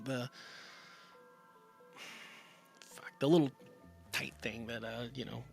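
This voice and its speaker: A man's voice: mid-range voice, creaky, sharp tone. A man casually retelling a film's plot for a review podcast, rambling with lots of fillers and acting out the characters' lines. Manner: rambling, filler-heavy retelling with acted-out quotes. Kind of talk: casual film plot recap.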